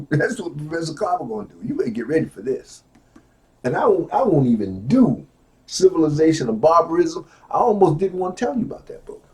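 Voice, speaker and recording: A middle-aged man giving a lecture from a book, repeating key phrases slowly and swinging from low asides to loud exclamations. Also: big pitch swings.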